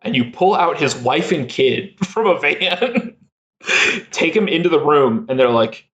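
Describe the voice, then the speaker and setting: A man's voice: a little high, lively intonation, unhurried, fairly bright tone. A young man chatting as a podcast guest, rambling and laughing a lot with many fillers. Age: young adult. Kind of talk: casual chat.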